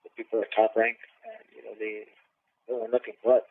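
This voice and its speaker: A man's voice: fairly low pitch, level tone, fairly quick, creaky. A middle-aged man, a former boxer and cornerman, telling a personal story in a casual interview, swearing often and restarting his sentences with a lot of "man.". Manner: profane, emotional storytelling with many restarts and repeated "man". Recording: tinny phone-like dry sound.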